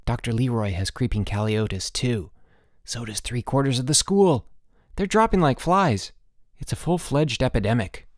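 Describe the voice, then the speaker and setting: A man's voice: mid-range voice, lively intonation, moderate pace, no room sound, studio quality, natural voice. A man voicing a mischievous schoolboy who speaks with mock gravity, earnest and solemn. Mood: mock-grave.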